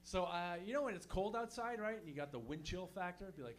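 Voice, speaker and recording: A fairly high-voiced man from Montreal works the room in a stand-up set. He talks loosely and swears freely, tossing questions at the crowd at a small comedy show. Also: expressive, brisk, hardly any pauses. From Montreal, Canada. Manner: loose, profane, chatty, quizzes the crowd.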